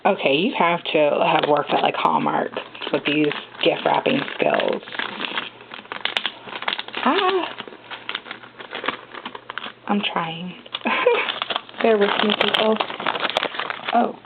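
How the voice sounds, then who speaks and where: A young woman filming an unboxing vlog one-handed at home, chatty and excitable, often gasping over what she finds. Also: low voice, a little slow, vocal fry. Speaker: vlogger unboxing a gift. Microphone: handheld phone camera. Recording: tinny phone-like audio with noise.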